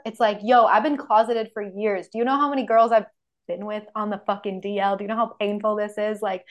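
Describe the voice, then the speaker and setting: A woman's voice: mid-range voice, brisk. A young adult woman hosting a podcast, telling stories candidly and animatedly in casual conversation, swearing freely. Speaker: podcast host.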